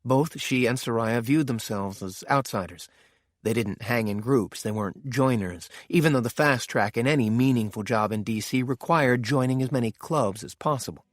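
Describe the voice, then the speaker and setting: A man narrates a thriller audiobook in a steady, measured way. His voice sits at a middling pitch. The close studio sound is dry, with no room echo.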